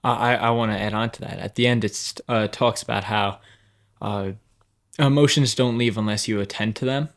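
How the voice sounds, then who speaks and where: A man's voice: fairly low pitch, steady tone, normal speed. A man on a faith podcast panel who hesitates and stumbles, building an extended analogy to make his point. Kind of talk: casual faith discussion.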